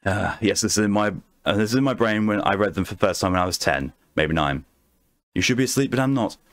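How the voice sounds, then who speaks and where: Calm low-voiced male streamer. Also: fast, no echo, studio quality. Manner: chatty, replies to chat messages aloud; calm, soothing voice meant to lull viewers to sleep. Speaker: game streamer. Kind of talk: late-night gaming livestream chat.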